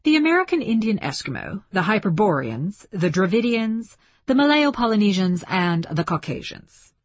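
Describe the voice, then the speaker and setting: A woman's voice: mid-range voice, very animated, normal speed, no room sound, voice pushed up. A woman voicing a frustrated female linguist who speaks sharply and impatiently.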